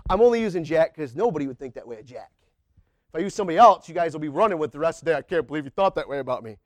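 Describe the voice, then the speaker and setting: A man delivers a sermon to a church congregation, talking to them plainly and colloquially. His voice sits high for a man and the recording is dry and close. When he acts out a prayer, he climbs up toward a near-shout. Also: lively intonation, rapid-fire, dry recording. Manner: colloquial, says y'all and man. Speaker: preacher. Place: church sanctuary.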